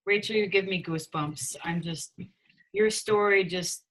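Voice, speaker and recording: A woman's voice: medium pitch, a little slow, a bit bright, low-quality recording. A woman hosting a team call who gushes with praise for her guest. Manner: effusive, gushing praise. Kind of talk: casual chat.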